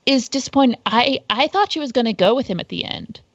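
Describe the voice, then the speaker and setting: Female podcast guest, slightly higher voice, candid, dull dry remote line. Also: expressive, fast talker, dry recording. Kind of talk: casual podcast chat.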